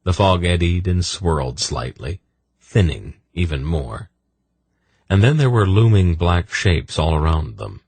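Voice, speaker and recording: A man narrating a fantasy audiobook in a measured storytelling manner. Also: low voice, sing-song, darkish tone, breathy edge, no room sound. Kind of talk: scripted narration.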